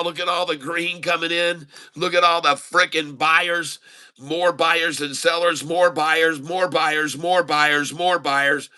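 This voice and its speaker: A man giving excited running commentary on his live day trades, calling out prices and talking to viewers as folks. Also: a little high, clear, resonant tone. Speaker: day-trading streamer.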